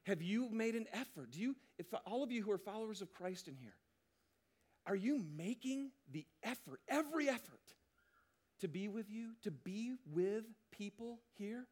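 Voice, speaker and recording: A man preaching a sermon to his congregation, animated and joking, often asking the crowd questions. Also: high voice, moderate pace. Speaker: pastor.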